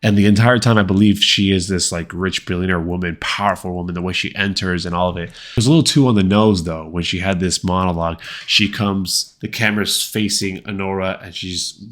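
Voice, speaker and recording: Casual male film reviewer, very low voice, chatty and loose, lots of "like"s and restarts. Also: fairly even intonation, brisk, few pauses, a bit bright. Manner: conversational, many fillers and repeated words; acts out quoted lines. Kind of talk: casual movie review vlog.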